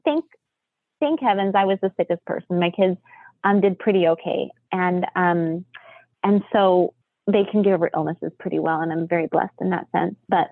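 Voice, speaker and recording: A woman telling a family story in a chatty, animated way, laughing often. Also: lowish voice, moderate pace, dry recording. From United States. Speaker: podcast guest, homeschooling mother. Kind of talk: casual storytelling. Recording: tinny phone-line sound, dry.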